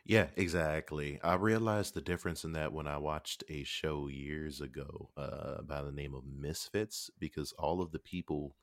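A man's voice: rumbling low, fairly even intonation, moderate pace, few pauses, no room sound, studio quality. A man chatting casually on a podcast about acting, loose and profane in his speech. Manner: loose and profane, slips into quoted voices. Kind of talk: casual chat.

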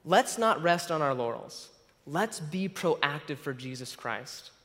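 A man's voice: on the high side, lively intonation, unhurried, fairly bright tone. A man preaching a sermon who stumbles over his words and laughs at himself. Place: church sanctuary. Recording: long hall reverb.

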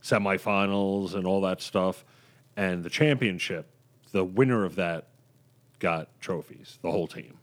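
Man from new york, slow unhurried delivery, lowish voice, easygoing storyteller in a casual chat. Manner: relaxed storytelling, laughs often.

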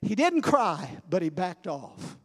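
A high-voiced male preacher delivers a sermon. He drops into hushed storytelling, then climbs to loud, shouted climaxes, repeating phrases for weight. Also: sing-song, takes it slowly.

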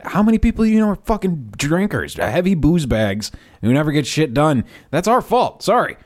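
A man's voice: fairly high pitch, big pitch swings, moderate pace. A man hosting a podcast in casual banter, swearing a lot, rambling and laughing often into a podcast microphone.

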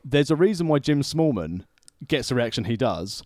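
A man's voice: mid-range voice, very animated, moderate pace, darkish tone, no room sound, studio quality. A man co-hosting a podcast in casual chat, full of wry banter and joking asides. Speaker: podcast co-host.

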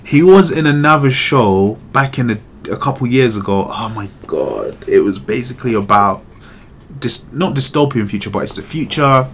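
A man co-hosting a podcast, chatting casually in an animated, slangy way and swearing freely. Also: medium pitch, normal speed, slight background noise. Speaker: podcast co-host. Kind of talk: casual chat.

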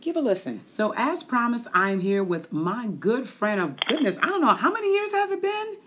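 A woman hosting a Christian podcast, with a lively, preacher-like, sing-song delivery, in her forties. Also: a little high, normal speed, background noise. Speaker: podcast host.

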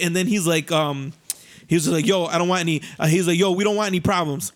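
A young man casually telling a story on a podcast, animated and slangy, often laughing and jumping into voices. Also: quick pace. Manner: animated, laughing, acts out voices with rising pitch; profane, slangy.

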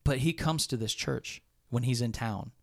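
Brief: man, gravelly voice, church staff member, earnest rambling storyteller. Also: mid-range voice, moderate pace. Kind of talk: casual discussion, personal story.

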